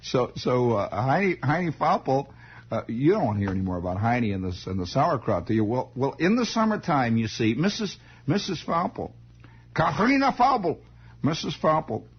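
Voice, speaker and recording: A man with a medium-pitched, animated, slightly rough voice talks at normal speed as host of a radio show. He improvises a rambling story about his childhood, drifting into tangents and chuckling, heard via a dull lo-fi 1960s broadcast.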